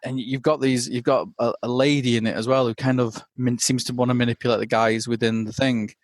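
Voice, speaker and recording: A man talks through a film on a podcast in a relaxed, halting way, restarting his sentences and laughing lightly as he goes. His voice sits at an ordinary middle pitch. The sound is dry and close, with no room around it. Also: no echo. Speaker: podcast guest. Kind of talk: casual film discussion.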